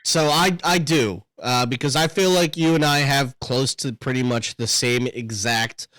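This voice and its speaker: Laid-back swearing podcast dad. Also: male voice, mid-range voice, measured pace, a bit bright, dry recording. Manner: rambling, swears, laughs often. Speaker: podcast co-host. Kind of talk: casual chat.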